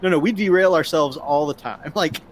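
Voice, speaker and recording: A man co-hosts a casual live stream, his voice pitched high. He is upbeat and reads out viewer comments. A faint hiss sits behind him. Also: moderate pace. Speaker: co-host. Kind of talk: casual chat.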